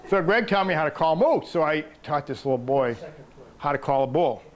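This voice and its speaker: A man's voice: a little high, animated, a little fast. Older Maine man telling stories. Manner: folksy anecdotal storytelling, acts out quoted voices. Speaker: author giving a library talk. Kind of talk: storytelling talk. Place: public library talk room.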